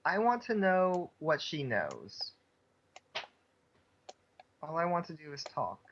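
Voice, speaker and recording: A man's voice: on the high side, huge pitch swings, slow pace, fairly bright tone, lo-fi sound, a little hiss or hum. A man playing his character in a tabletop game, talking earnestly and persuasively. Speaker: player.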